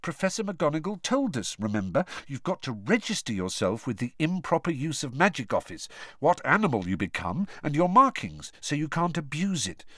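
Bossy, clever teen girl, cross and insistent, lifted pitch, animated, read by a man. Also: moderate pace, no echo, clean studio sound. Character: bossy clever teenage schoolgirl. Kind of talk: audiobook character voice.

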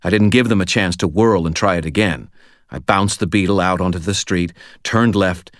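A man reading a first-person novel aloud in a steady, measured storytelling voice, recorded close to the mic. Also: deep voice, no room sound. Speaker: audiobook narrator.

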